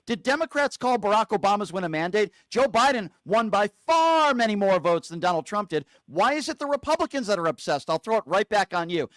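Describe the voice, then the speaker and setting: A man's voice: sits high, no echo, studio quality. A man hosting a call-in show, combative and insulting, cutting callers off. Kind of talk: heated call-in debate.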